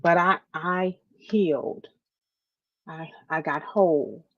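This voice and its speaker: Emotional woman podcast host, low-pitched. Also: slow pace. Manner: emphatic, repeats phrases, addresses listeners as y'all. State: near tears. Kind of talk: heartfelt podcast talk to listeners. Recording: dull lo-fi audio.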